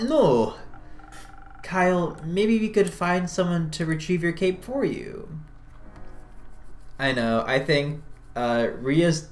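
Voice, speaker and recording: Laid-back streamer chatting while playing, slow, echoey room w faint music. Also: medium pitch. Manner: chatty, laughs, comments on own accents. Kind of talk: casual let's-play commentary.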